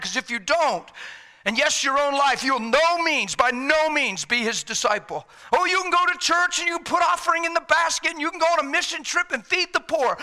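A man preaching a sermon with passion, swinging between shouts and hushed, quiet lines. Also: very high voice.

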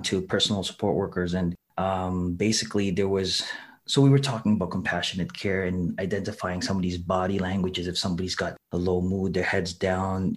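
A man telling stories in casual conversation as a guest, animated and humorous, acting out what people said, with frequent restarts. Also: low-pitched. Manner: animated, acts out quoted dialogue with humor. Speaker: guest, college instructor.

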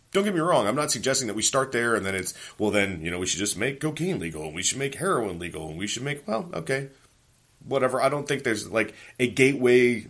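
A podcast host in his forties rants through a casual, profane monologue, animatedly telling stories from home. His voice is fairly low-pitched and husky.

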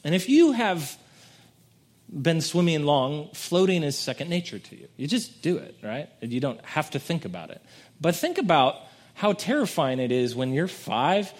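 A man in his thirties delivering a sermon with a chatty, down-to-earth manner. His voice swings from hushed, low reflection to sudden, ringing emphasis. His pitch sits slightly higher than most men's. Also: sing-song, moderate pace. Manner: conversational preaching, dramatic swings in pitch and volume. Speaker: pastor.

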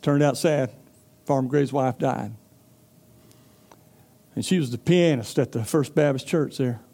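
Folksy pastor, mellow tone. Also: male voice, mid-range voice, measured pace, gravelly. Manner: folksy storytelling, acts out character voices. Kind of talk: sermon.

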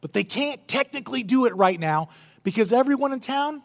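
A male pastor delivers a lively sermon, cracking jokes as he retells the scene. His voice sits high for a man. It echoes with the long reverb of a large church hall. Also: fairly quick, gravelly. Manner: animated, joking storyteller.

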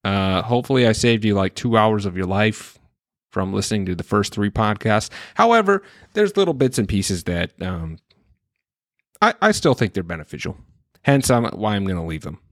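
A man's voice: lowish voice, expressive, moderate pace, no room sound, studio quality. A man hosting his own podcast, talking in a reflective, rambling way with frequent restarts and some frank swearing. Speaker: podcast host. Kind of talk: casual solo podcast monologue.

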